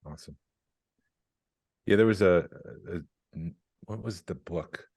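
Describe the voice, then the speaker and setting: A man hosting a podcast, chatting in a relaxed, rambling way with filler words. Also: deep voice, a little slow, gravelly, no echo, studio quality. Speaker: podcast host. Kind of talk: casual chat.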